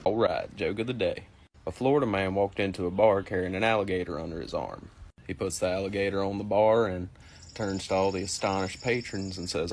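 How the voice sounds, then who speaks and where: Low-voiced man telling a joke. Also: fairly quick, a little mellow, slight background noise. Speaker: joke teller.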